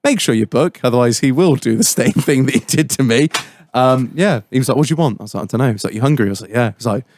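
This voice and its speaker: A man's voice: mid-range voice, fast, darkish tone, slight background noise. A man on a casual podcast, swearing freely, laughing and mimicking people as he tells stories. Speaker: podcast co-host. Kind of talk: casual banter with friends.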